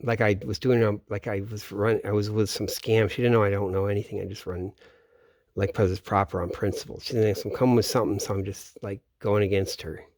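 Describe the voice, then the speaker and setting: Low-voiced man in a rambling, profane monologue. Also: little pitch movement, fairly quick, darkish tone, dry recording. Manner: profane, meandering, trails off mid-sentence. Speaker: vlogger. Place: home in Florida, at night.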